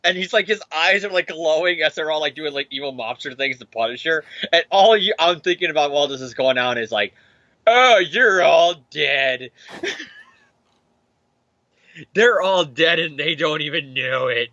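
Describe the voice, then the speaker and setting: A man's voice: a little high, a little fast, bright, forceful tone, no room sound, muffled recording. A man hosting a casual comic book recap show, rambling, laughing often and acting out characters. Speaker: podcast host.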